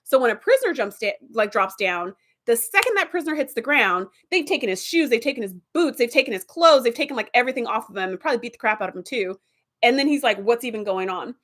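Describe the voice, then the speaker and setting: An animated woman hosting a vlog, telling episode plots in a casual, rambling way. Her voice sits fairly high and she fills her talk with "like" and "um.". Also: quick pace. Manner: animated, chatty, with fillers and laughs. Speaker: TV episode reviewer.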